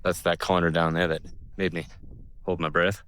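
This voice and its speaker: A travel vlogger stands on a mountain summit, chatting casually into a handheld camera as he rambles and cracks jokes, awestruck by the view. His voice is deep and clear with a resonant, fairly bright tone, moving at a moderate pace with little change in pitch.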